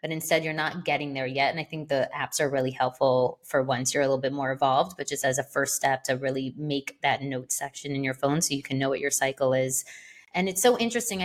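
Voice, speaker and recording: A woman co-hosting a podcast in casual chat, rambling along with lots of "like" and "you know.". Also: low voice. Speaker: podcast co-host.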